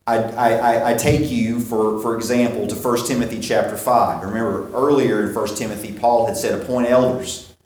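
A man preaching a sermon, asking questions and answering them himself, slowing down to stress key points. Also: mid-range voice, steady tone, darkish tone. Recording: very echoey hall.

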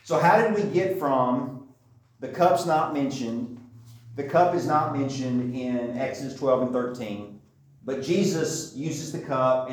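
A man leads a Bible class in a casual, conversational way, often pausing to check that his listeners follow. His voice sits at an ordinary pitch for a man. It comes from some distance away and rings around an echoey room. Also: darkish tone. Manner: conversational, with frequent checks like "okay?" and "right?".

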